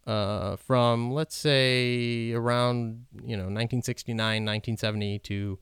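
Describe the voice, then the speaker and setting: A man's voice: medium pitch, steady tone, unhurried, fairly bright tone, smooth, no room sound, studio quality. A man giving an unscripted film commentary, hesitant and full of ums and restarts, talking with open admiration.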